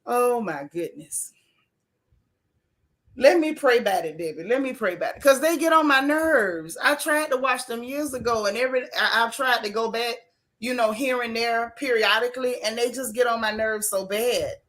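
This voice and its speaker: A woman hosting a casual live stream, reacting to a reality TV reunion and reading viewer chats aloud, chatty and blunt with relaxed colloquial grammar. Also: on the high side, normal speed. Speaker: host of a reality TV recap channel.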